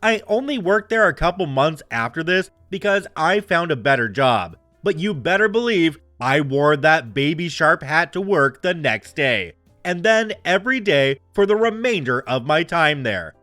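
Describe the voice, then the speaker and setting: A man's voice: fairly high pitch, normal speed, hardly any pauses, no echo, faint music behind. A man hosting a show, reading online stories aloud with playful asides. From Canada. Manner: animated storyteller with playful asides.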